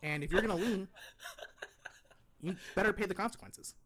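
A man's voice: sits high, moderate pace, husky, voice pushed up. A man doing a smug lecturing pundit. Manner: lecturing, condescending, deadpan. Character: condescending pompous male conservative pundit. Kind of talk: comic impression on a podcast.

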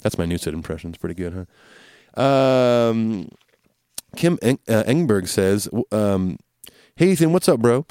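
A man with a lowish, smooth, resonant voice hosts a podcast and works through listener questions. He talks in an easygoing, rambling way, with plenty of "um"s and restarts. The sound is dry and close. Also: lively intonation, unhurried, mellow, no echo. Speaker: podcast host. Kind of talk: casual chat answering listener questions.

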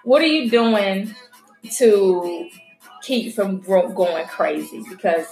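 A woman's voice: mid-range voice, expressive, takes it slowly, a little mellow. A woman vlogging casually to her viewers, frank and chatty, swearing freely as she talks straight to them. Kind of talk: casual chat to camera. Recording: roomy echo with faint music.

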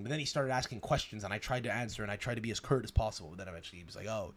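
A young man from Canada, hosting a podcast, telling a story fast and loose with swearing and restarts. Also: fairly low pitch, fairly bright tone. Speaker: podcast host. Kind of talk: casual chat.

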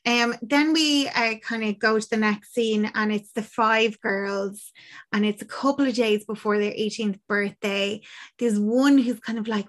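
A woman's voice: on the high side, a little slow. Chatty Irish woman recapping a film. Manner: animated storytelling, lots of "like". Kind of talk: casual film recap chat.

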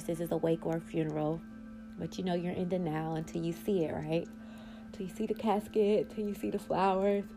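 A woman hosting her own podcast, telling a personal story in a blunt, animated way and swearing freely. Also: fairly low pitch. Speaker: podcast host.

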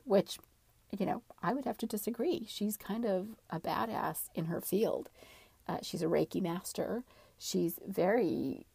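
Gravelly woman telling a wild story. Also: on the low side, no room sound. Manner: animated, dramatic retelling. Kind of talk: casual storytelling.

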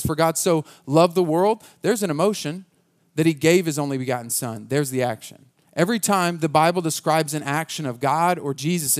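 A man preaching a conversational sermon as pastor, earnest and casual, often restarting his sentences. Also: on the high side.

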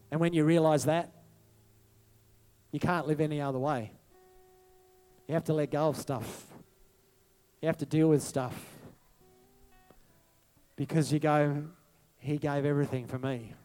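A male pastor preaching to his congregation, moving from soft, hushed reflection to a rising, passionate appeal. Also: fairly high pitch, steady tone, slow, long pauses, soft background music. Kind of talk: sermon over worship music.

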